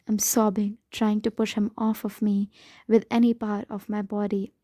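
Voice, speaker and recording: A woman's voice: mid-range voice, flat delivery, moderate pace, warm tone, dry recording. A woman reading a novel aloud in first person, with a dramatic, emotional delivery. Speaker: audiobook narrator. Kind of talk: first-person audiobook narration.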